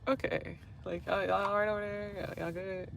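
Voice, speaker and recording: A woman vlogging in a chatty, slangy way, laughing often and swinging between loud remarks and hushed asides. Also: medium pitch, little pitch movement, normal speed, gravelly, a little hiss or hum. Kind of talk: casual spiritual vlog monologue.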